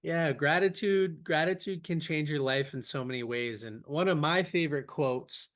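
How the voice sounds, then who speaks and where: This is an upbeat young man hosting a podcast, his voice a touch higher than most men's. He talks with enthusiasm over a video call and tells his stories with energy. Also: normal speed, a bit bright. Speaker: podcast host. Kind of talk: casual podcast interview.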